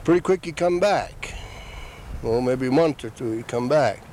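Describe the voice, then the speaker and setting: An older man telling a traditional story in an unhurried, plain-spoken way, repeating "he said" between the quoted lines. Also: mid-range voice, expressive, a little mellow, a little hiss or hum, low-quality recording.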